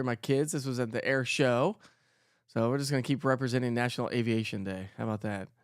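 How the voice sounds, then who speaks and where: A man's voice: medium pitch, clear, resonant tone, dry recording, studio quality. A middle-aged man hosting a casual weather livestream, chatting with viewers and reading their comments aloud. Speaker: weather show host.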